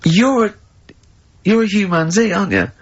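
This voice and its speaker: Giggly English radio host telling stories. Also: male voice, normal speed, slightly rough. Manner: lively storyteller, laughs often, high-pitched giggle. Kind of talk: casual radio banter and anecdotes. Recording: dull lo-fi radio broadcast.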